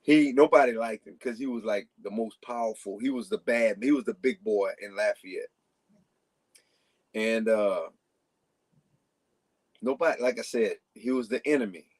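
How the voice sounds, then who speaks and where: A man's voice: on the low side, moderate pace, pauses often. A man telling long casual stories as a guest on a talk show, rambling with frequent restarts. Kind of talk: casual storytelling.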